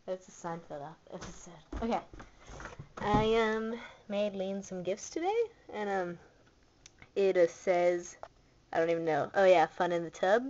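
A woman's voice: on the low side, fairly even intonation, measured pace, darkish tone, muffled recording. A woman vlogging casually and teasing her pet, playful and full of laughs and fillers. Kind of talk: casual vlog talking to a pet.

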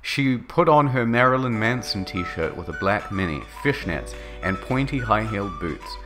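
A man narrating a comedic dramatic reading with a mocking, lively delivery. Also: on the low side, moderate pace, music in the background.

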